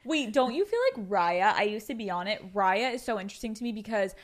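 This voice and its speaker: A woman's voice: medium pitch, brisk, background noise. A woman hosting a podcast, chatting with enthusiasm and gushing over her guest. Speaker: podcast host. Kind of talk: casual chat.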